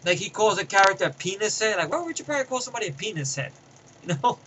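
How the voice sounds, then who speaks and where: A man's voice: high voice, sing-song, racing, bright, forceful tone, a little hiss or hum, rough recording. A man giving a casual spoken movie review, rambling through scene recaps with fillers and restarts.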